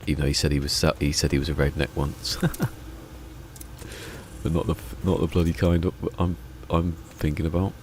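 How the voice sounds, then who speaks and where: A man's voice: very deep voice, little pitch movement, normal speed, a little mellow, slight background noise. An English man streaming a game live, chatting casually in a rambling way, often restarting his sentences. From England.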